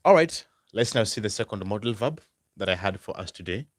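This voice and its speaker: A man teaching a language lesson, repeating example phrases slowly and stressing each word. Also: lowish voice, animated, no echo, clean studio sound. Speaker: German language tutor. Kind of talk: slow, repetitive language lesson.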